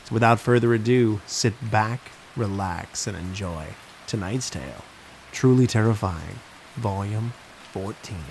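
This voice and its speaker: Low-voiced male horror narrator over rain. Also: a little slow, creaky. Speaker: horror story narrator and host. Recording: faint hiss with rain sounds.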